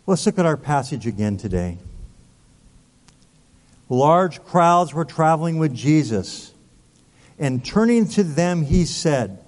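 A man's voice: on the high side, big pitch swings, slow pace, pauses often, darkish tone. A male pastor preaching a sermon, emphatic, asking rhetorical questions and repeating words. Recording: long hall reverb.

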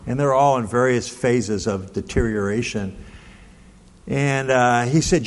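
A man's voice: medium pitch, unhurried. Folksy sixty-year-old man preaching in a hall. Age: 60s. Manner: folksy, anecdotal, with many "right?" and "okay?" asides. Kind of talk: sermon storytelling. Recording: long reverb of a large hall.

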